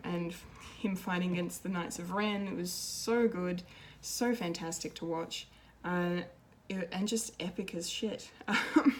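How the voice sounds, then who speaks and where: A woman rambles through an unscripted film review, gushing and openly emotional. She restarts sentences and piles on fillers as she goes. A faint hiss sits under her mid-pitched voice. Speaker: pop culture video reviewer.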